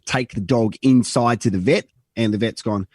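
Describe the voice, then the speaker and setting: A man's voice: medium pitch, moderate pace, darkish tone, no echo, clean studio sound. An Australian man co-hosting a podcast, telling a long rambling anecdote and acting out the quotes. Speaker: podcast co-host. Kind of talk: casual storytelling.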